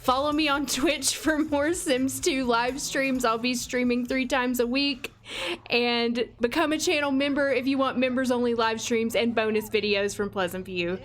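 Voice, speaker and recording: A woman hosting a let's play, giving chatty, expressive gameplay commentary. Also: on the high side, normal speed, soft background music.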